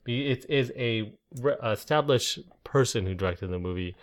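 A man's voice: medium pitch, moderate pace. A man hosting a casual movie discussion, rambling with many fillers and restarts.

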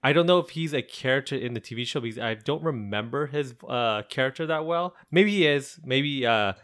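A man co-hosting a podcast at a middle pitch, talking things over casually. He rambles and thinks aloud, stringing loose sentences together as he goes. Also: lively intonation, fairly quick, fairly bright tone. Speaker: podcast co-host. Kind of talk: casual chat.

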